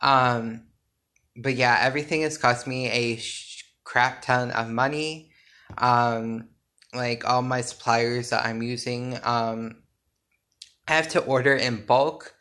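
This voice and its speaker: A drowsy man talking straight to his listeners in a loose, unscripted podcast update. His voice sits in an ordinary middle register. He wanders through his points with frequent fillers and quick self-corrections. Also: medium pitch, fairly even intonation, pushed and bright. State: sleepy. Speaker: podcast host and small business owner. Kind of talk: casual solo podcast update.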